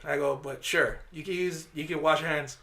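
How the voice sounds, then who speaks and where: A man co-hosting a podcast, telling a profane, animated story and acting out the voices of the people in it. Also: fairly high pitch, moderate pace, vocal fry. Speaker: podcast co-host. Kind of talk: casual storytelling chat.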